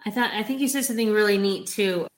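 A woman's voice: medium pitch, quick pace. Musing woman host in an echoey room. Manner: musing, loose, many "you know" fillers. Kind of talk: conversational interview.

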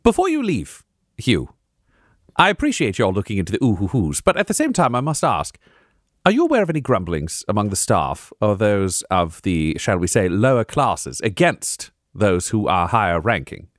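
A man playing a composed noble in a tabletop game, measured and formal, weighing risks with cool calculation. His pitch rises and falls very expressively. The recording is dry and close. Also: huge pitch swings, no room sound. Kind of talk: tabletop role-play.

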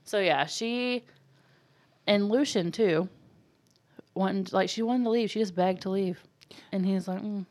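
A woman co-hosting a podcast, chatting casually about a book, animated and quick to laugh. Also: mid-range voice. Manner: animated, laughs often, says y'all. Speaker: podcast co-host.

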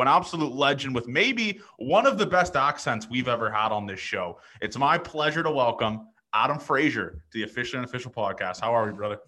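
A Canadian man hosting a sports podcast, chatting excitably and rambling through many restarts. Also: mid-range voice. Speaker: podcast host. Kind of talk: casual sports interview.

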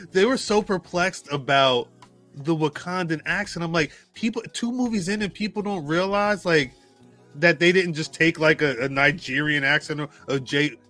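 Bright-voiced, geeky man chatting on a podcast. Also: on the high side, normal speed, faint music behind. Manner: geeky, chatty, laughs often. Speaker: podcast co-host. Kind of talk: casual chat.

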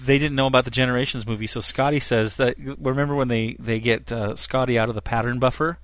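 A middle-aged man chatting through a review, enthusiastic and rambling with lots of fillers. His pitch sits in the middle for a man. The recording is dry and close. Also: fairly even intonation, fast, a bit bright, no echo. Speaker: co-host reviewer. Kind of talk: casual review chat.

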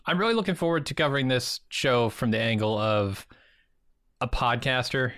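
A man's voice: mid-range voice, lively intonation, normal speed, fairly bright tone, dry recording. A man co-hosts a podcast with a wry, sarcastic edge, and his voice rises and falls a lot as he talks. The recording is dry and close, with no room sound. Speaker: podcast co-host. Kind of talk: casual podcast chat.

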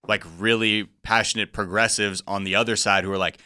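A man co-hosting a podcast, riffing in a relaxed, jokey, slangy way. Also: lowish voice, a little fast, clear, resonant tone, no echo, clean studio sound. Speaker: podcast co-host. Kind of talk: casual chat.

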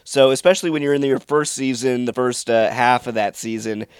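Male co-host, smooth clear voice, very dry close sound, measured and explanatory. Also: mid-range voice, dry recording. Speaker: podcast co-host. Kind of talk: casual chat about a TV show.

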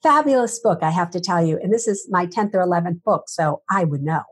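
A woman's voice: fairly low pitch, animated, a little fast, slightly rough. A woman, a finance author, giving emphatic interview answers full of rhetorical questions.

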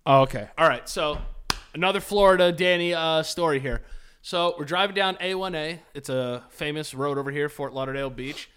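A man with a bright, slightly high voice tells a story on a casual podcast. He swears freely, acts out the other people in it and laughs at his own telling. His tone stays loose and lively. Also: a little fast, smooth. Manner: animated, profane, laughing storyteller. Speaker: podcast host.

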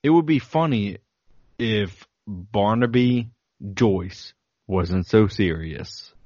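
Slow, low-voiced joking podcast man. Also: lively intonation, a little mellow, no room sound, muffled recording. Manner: joking, laughs often, reads from a list. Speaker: podcast co-host. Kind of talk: casual podcast banter.

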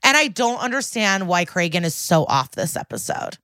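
A woman's voice: lowish voice, big pitch swings, moderate pace, sharp tone, dry recording. A young woman co-hosting a podcast, casually recapping a TV episode, storytelling with quoted lines, laughs and swearing. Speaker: podcast co-host.

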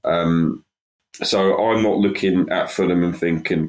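A man's voice: deep voice, fairly even intonation, measured pace. A man co-hosting a casual football podcast, talking emphatically and repeating words as he builds steam. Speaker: podcast co-host.

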